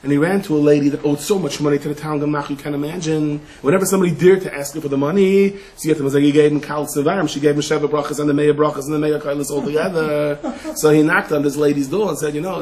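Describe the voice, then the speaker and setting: A man, a rabbi, giving a Torah lecture full of stories, mixing Hebrew and Yiddish terms into English, dropping to hushed asides and rising to shouted emphasis. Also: fairly high pitch, fairly even intonation, fast, low-quality recording.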